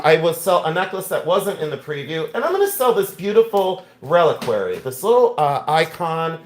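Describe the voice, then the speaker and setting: A man's voice: fairly high pitch, fairly bright tone, a little hiss or hum. A man hosting a live-stream jewelry sale, chatty and openly frustrated, thanking viewers by name. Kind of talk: live-stream selling chat.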